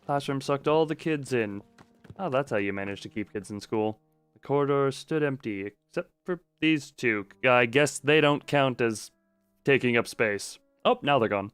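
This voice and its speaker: A man's voice: mid-range voice, moderate pace, fairly bright tone, smooth, no echo, faint music behind. A man streaming a game, reading the on-screen text aloud and breaking off for joking remarks. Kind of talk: live gameplay stream, reading a visual novel aloud.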